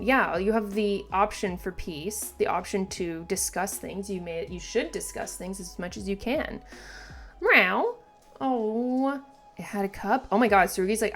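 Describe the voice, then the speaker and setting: A woman hosting a manga reaction video, excitable and gushing, swearing freely as she reads along and reacts. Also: mid-range voice, a little slow, faint music behind. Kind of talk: reaction vlog.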